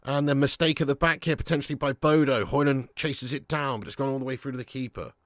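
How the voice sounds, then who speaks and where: A young man hosting a live football watch-along, reading out chat messages and commentating casually, swearing and shouting at players before dropping back to low mutters. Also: fairly even intonation, fast talker, dry recording, clean studio sound.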